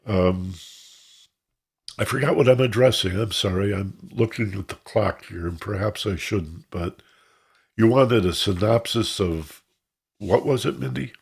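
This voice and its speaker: A man's voice: fairly low pitch, unhurried, vocal fry, husky. A man teaching an online class, explaining in a rambling way and imitating sounds to make his points, heard over a video call. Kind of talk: informal online class talk.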